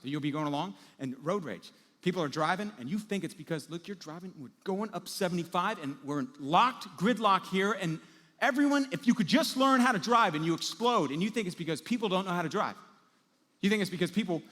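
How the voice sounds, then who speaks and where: A man preaching a sermon as pastor, telling everyday scenes with lively acted-out moments. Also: high-pitched, fast talker, long reverb tail. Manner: animated storytelling, acting out everyday scenes.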